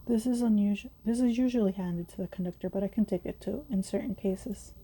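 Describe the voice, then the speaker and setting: A woman's voice: medium pitch, brisk, warm tone, slightly rough, close to an everyday voice. A woman voicing a polite, formal bus driver in a game. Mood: courteous. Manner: courteous, formal.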